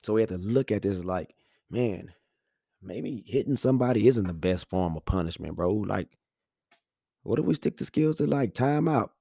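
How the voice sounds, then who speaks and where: Man, thirties, lively storyteller on a podcast mic, dry close sound. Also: fairly low pitch, normal speed, creaky, breathy edge, no echo. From Houston, Texas. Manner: animated storytelling, acts out voices, laughs often. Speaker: podcast talker. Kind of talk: casual monologue. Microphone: studio microphone.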